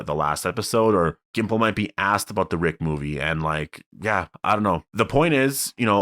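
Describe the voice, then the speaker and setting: Deep-voiced man rambling about TV. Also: fairly bright tone, no echo, studio quality. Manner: rambling, filler-heavy, self-correcting. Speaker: TV show commentator. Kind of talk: casual spoken commentary.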